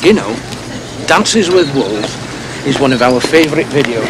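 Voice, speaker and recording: A man's voice: mid-range voice, expressive, unhurried, heavy background noise, close to an everyday voice. A man playing an awkwardly friendly, chatty pub landlord who quizzes a visitor.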